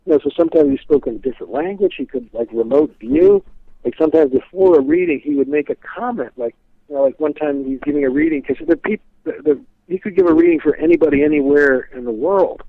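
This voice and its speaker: A man's voice: a little high, sing-song, fast talker, vocal fry, no echo. Man, interview guest, phone-line sound, dry and tinny, rambling storyteller, lots of fillers. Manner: rambling, many "you know" fillers. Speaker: guest speaker on a psychic's teachings.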